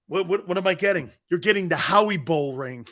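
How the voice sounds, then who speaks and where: A man hosting a sports talk show, riffing casually in a mocking way, laughing often and slipping into quick impressions of others. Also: sits high, animated, pushed and bright.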